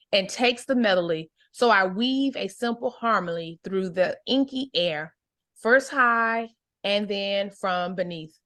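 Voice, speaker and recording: A woman teaching an adult English book club, reading a novel aloud and then explaining it slowly and clearly. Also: medium pitch, a bit bright. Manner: slow, clear teacher explanations with check-ins.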